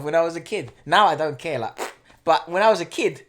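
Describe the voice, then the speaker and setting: A man's voice: fairly high pitch, brisk, fairly bright tone. A young man chatting casually, rambling with restarts and jokes. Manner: rambling, many restarts and fillers, jokey. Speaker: co-host of a reaction channel. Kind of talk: casual chat.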